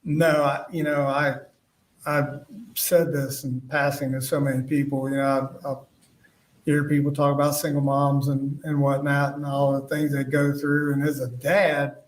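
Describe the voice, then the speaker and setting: A man giving courtroom testimony as a witness, speaking haltingly and retelling past conversations as quoted dialogue. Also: medium pitch, flat delivery. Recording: echoey room, voice far from the mic.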